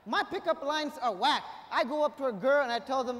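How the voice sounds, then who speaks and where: A young man performing a stand-up comedy set on stage, punchy and energetic, with bursts of shouting. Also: very high voice, brisk, a little hiss or hum. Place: live comedy stage before an audience. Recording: long hall reverb.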